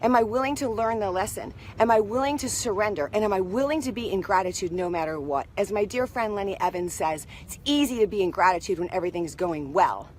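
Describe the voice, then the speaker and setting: A woman telling a story in a casual spiritual pep talk, animated and constantly checking in with the listener. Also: medium pitch, slight background noise. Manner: animated, keeps asking "right?". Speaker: motivational speaker.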